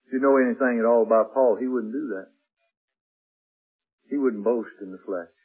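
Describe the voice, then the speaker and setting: A man's voice: mid-range voice, moderate pace, husky, phone-quality sound. A man preaching a sermon in an emphatic way, repeating and building his phrases.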